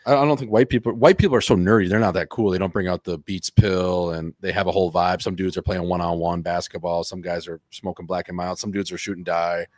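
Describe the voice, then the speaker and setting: A man co-hosting a comedy podcast, trading crude, rapid-fire banter and slipping into mock hockey play-by-play. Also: sits low, steady tone, dry recording. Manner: rapid, profane, riffing on characters. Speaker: podcast co-host.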